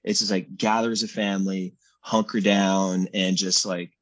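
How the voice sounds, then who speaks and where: This middle-aged man, a guest actor, speaks at a moderate pace in a deep, level voice. The interview chat is casual, and he rambles with many restarts.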